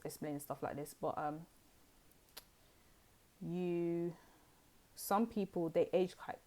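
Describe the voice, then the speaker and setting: A woman's voice: lowish voice, a little mellow. A woman giving a casual pick-a-card tarot reading, chatty and rambling, with many fillers and asides.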